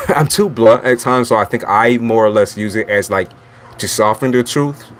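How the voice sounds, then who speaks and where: A man's voice: mid-range voice, moderate pace, a little hiss or hum. A man reading tarot who talks in a blunt, chatty way, swearing freely and laughing often as he rambles. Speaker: tarot reader. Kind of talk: casual livestream monologue.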